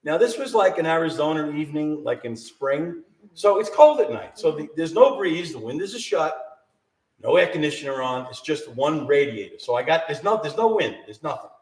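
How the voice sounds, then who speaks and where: A man's voice: fairly high pitch, big pitch swings, normal speed, darkish tone, recorded from a distance. A middle-aged man animatedly telling a ghost story to a small live audience, laughing and acting out the voices. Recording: roomy sound from off-mic.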